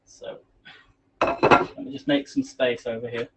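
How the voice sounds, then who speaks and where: A man's voice: medium pitch, huge pitch swings, a little slow, gravelly, fairly bright tone, a little hiss or hum, poor audio. A man hosting a casual live cooking stream from his home kitchen, chatting and rambling to viewers while he cooks. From England. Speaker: livestream cooking host. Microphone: phone on a selfie stick.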